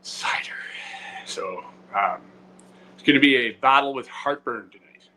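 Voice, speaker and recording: A man's voice: mid-range voice, normal speed, a little hiss or hum, rough recording. A man co-hosting a comedy podcast in casual, rambling chat with many fillers. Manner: rambling, many fillers and restarts, loud swings. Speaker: podcast co-host.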